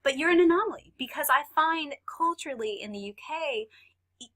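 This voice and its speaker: A Texan woman chats as a podcast guest, her voice bright and ringing a little above the usual pitch. She tells her stories with animated energy and laughs easily between points. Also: brisk. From Texas. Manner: animated storyteller, laughs often. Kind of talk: casual podcast conversation.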